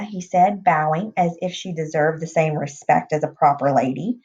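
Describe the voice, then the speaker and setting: A woman reading a novel aloud in a plain, unhurried way, with small restarts. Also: lowish voice, darkish tone. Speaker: reader. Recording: dull lo-fi recording.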